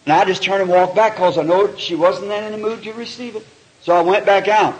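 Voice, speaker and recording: A man's voice: high-pitched, steady tone, a little fast, poor audio. A middle-aged man preaching a sermon, telling a personal testimony in an emotional, folksy way. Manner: emotional storytelling with folksy phrasing.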